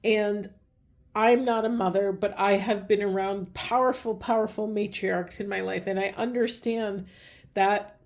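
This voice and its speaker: A woman giving a spiritual card reading, talking in a meandering way and searching for words, with her voice going a little hoarse. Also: medium pitch, steady tone, unhurried, a little mellow. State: voice getting hoarse. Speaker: tarot reader.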